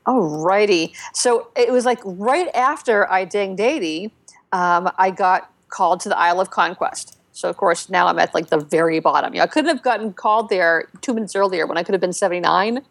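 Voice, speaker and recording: A woman co-hosting a casual podcast, telling game stories with lots of fillers and restarts, and getting animated when she quotes other players. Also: lowish voice, brisk, creaky, no echo. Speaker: podcast co-host. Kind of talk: casual chat about a video game.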